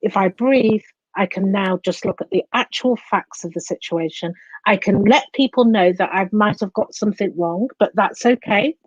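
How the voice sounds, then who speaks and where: A woman being interviewed as a coach and psychotherapist, explaining in an animated way and acting out the inner voices she describes. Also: mid-range voice, normal speed, husky, no room sound, highs cut off.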